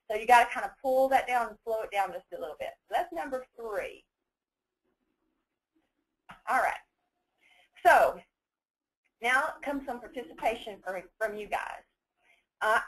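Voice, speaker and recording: A woman leading a phone-skills training webinar, chatty and quick, laughing now and then. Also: on the high side, rough recording. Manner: fast-talking, chatty, laughs often.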